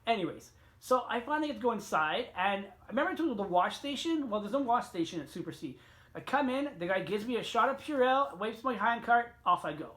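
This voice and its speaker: A middle-aged man telling a rambling story on his vlog. He swears freely and meanders from one aside to the next. His voice leaps up in pitch and volume without warning, then drops back to a grumble. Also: animated, a little fast. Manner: rambling, profane, frequent sharp jumps in pitch and loudness. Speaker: vlogger. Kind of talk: casual storytelling rant.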